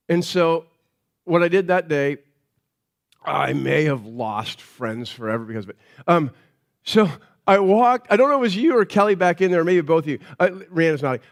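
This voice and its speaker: A male pastor preaching a sermon in a church. He talks in a conversational, story-telling way and often restarts his sentences. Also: high-pitched.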